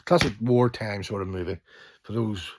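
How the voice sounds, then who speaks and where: A middle-aged man with a lowish voice talks through his favourite films in a loose, casual way. He is enthusiastic and swears freely. His sentences often drop into softer, trailing remarks. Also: normal speed, background noise. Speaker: channel host. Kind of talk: casual film collection chat.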